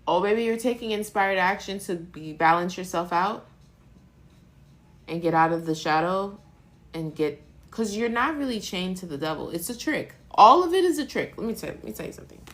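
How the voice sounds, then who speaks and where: A woman's voice: on the low side, animated, moderate pace, pauses often. A woman giving a live-stream tarot reading, talking emotionally and rambling, with casual swearing. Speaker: tarot reader.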